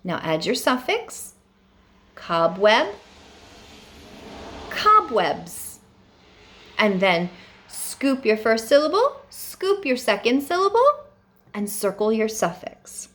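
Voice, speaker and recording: A woman teaching young students a phonics lesson, dictating words slowly and carefully with deliberate pauses. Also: a little high, very animated.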